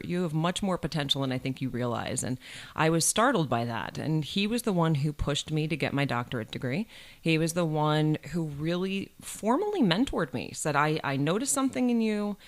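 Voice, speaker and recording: A middle-aged woman from New York State speaks as a college provost in a campus podcast interview. She tells her story with energy and acts out the voices of the people she quotes. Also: sits low.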